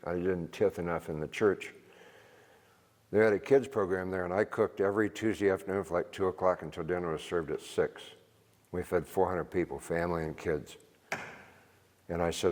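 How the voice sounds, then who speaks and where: A deep, steady voice comes through briskly but with long pauses. It belongs to an older man, a retired Army veteran, giving a church group an informal, rambling, plain-spoken seminar talk in an echoey church hall while chuckling at his own stories.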